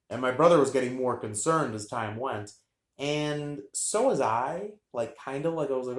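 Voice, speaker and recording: A man's voice: mid-range voice, normal speed. Rambling man telling a story, echoey room. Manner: rambling, deadpan humor, many fillers. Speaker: vlogger telling a childhood story. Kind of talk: casual storytelling.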